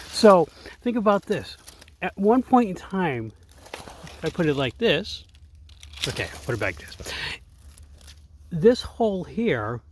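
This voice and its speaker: A man's voice: fairly high pitch, a little hiss or hum. A middle-aged man filming an outdoor vlog in the woods, earnest and upbeat as he talks to viewers, with faint outdoor sound behind him. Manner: upbeat, earnest, often says folks. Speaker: outdoor vlogger. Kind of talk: casual talk to camera.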